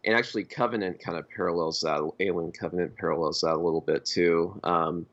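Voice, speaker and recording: A man co-hosting a podcast, talking about films in a halting, hesitant way. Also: low voice, fairly even intonation, fairly bright tone. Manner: halting, full of fillers and restarts. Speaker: podcast co-host. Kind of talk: casual film discussion. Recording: dull lo-fi podcast audio.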